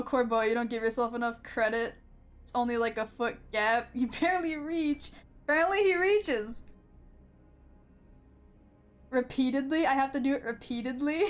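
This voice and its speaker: A woman streaming a video game with live commentary, giggling often and swearing as she talks. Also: on the high side. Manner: giggly, swears, laughs through her words.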